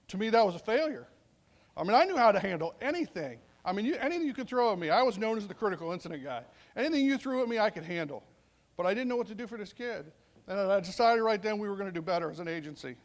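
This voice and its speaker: A man's voice: sits high, animated, fast. A middle-aged man, a police sergeant, telling a story in a conversational speech and acting out bits of dialogue. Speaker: police sergeant speaking at a veterans summit.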